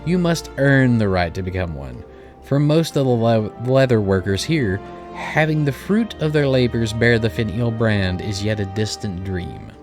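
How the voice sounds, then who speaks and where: Over faint game music, a man reads game dialogue aloud as a formal, long-winded male guild receptionist. His fairly low voice is animated, stately in tone and at normal speed.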